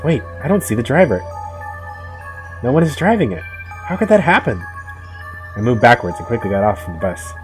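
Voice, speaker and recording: A young man playing a horror game, reading the story aloud and cracking casual jokes between lines. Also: fairly low pitch. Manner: casual, joking asides between dramatic read-outs. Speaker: gamer. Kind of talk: let's play commentary, reading game text aloud.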